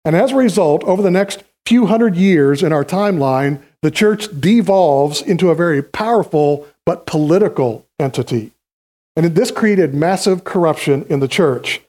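A man's voice: on the high side, expressive, normal speed, darkish tone. A male pastor giving a conversational, teaching sermon from a church stage, calling volunteers up to act out a history lesson.

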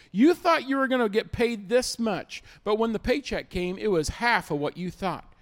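A man's voice: high voice, animated, moderate pace, hardly any pauses. A man preaching a sermon as pastor, emphatic, repeating key lines and acting out little everyday scenes.

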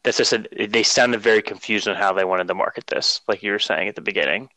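A man's voice: fairly low pitch, steady tone, fast, sharp tone, no echo, rough recording. A man co-hosting a casual chat, rambling with lots of fillers and giggles.

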